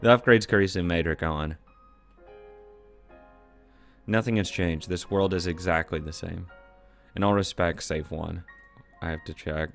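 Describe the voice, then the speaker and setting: Low-voiced man reading a visual novel. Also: steady tone, moderate pace, vocal fry, soft background music. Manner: reads narration plainly, breaks off to swear and react. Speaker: let's-read narrator of a visual novel. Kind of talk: reading game text aloud with reactions.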